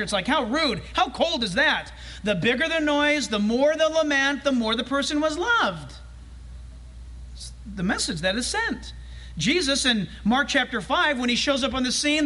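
A male pastor preaching a sermon in a church, animated and humorous, acting out scenes as he tells them. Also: very high voice.

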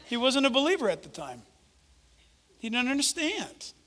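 A male preacher giving an animated, conversational sermon and acting out the quotes he tells. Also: extremely high pitch, normal speed. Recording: echoey hall reverb.

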